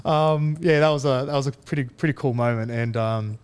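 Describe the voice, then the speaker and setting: A young man, a rugby league player, talks in a relaxed, halting way with many fillers and restarts as he tells stories in an interview. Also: mid-range voice, clean tone. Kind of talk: casual storytelling interview.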